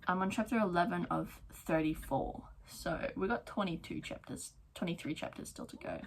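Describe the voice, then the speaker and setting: A young woman chatting excitedly about her month of reading on her book vlog, with lots of fillers. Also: medium pitch, slight background noise. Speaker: book vlogger. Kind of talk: casual reading wrap-up chat. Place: at home, neighbour's garden noise outside.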